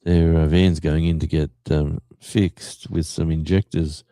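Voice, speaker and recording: Australian man, very deep voice, mellow tone, dry close sound, rambling livestream chat. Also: little pitch movement, unhurried, no room sound. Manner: rambling, many fillers and restarts. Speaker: livestream host. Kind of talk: casual chat reading a live chat.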